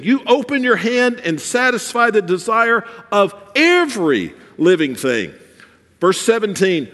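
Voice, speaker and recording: Male pastor preaching, high voice, long church reverb. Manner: preaching with swings between soft and emphatic. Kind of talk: sermon.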